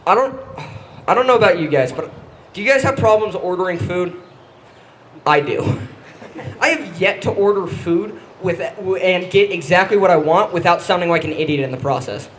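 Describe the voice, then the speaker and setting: A young man performing a stand-up comedy set, halting and self-deprecating, often stumbling and restarting his lines. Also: high-pitched, a bit bright, slight background noise, poor audio.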